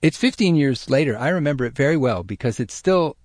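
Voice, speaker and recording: A middle-aged man telling a personal story in a lively, self-deprecating way, with many restarts. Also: mid-range voice, fairly quick, dry recording, studio quality. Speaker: storyteller guest.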